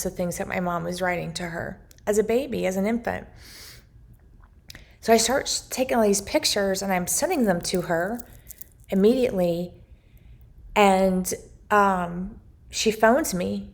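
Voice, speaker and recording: A woman sharing a personal story of faith, speaking slowly and with care. Her voice carries a gravelly fry, and she sounds heartfelt and sincere as she talks to her viewers. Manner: heartfelt, grows emotional and rising in pitch as she tells it. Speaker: vlogger sharing a faith journal.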